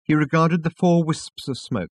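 A man reading an audiobook as narrator, lively and theatrical, on a close microphone. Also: a little high, moderate pace.

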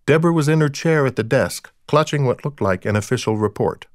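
A man narrating a first-person audiobook in a dry, wry, deadpan manner. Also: mid-range voice, fairly quick, no echo.

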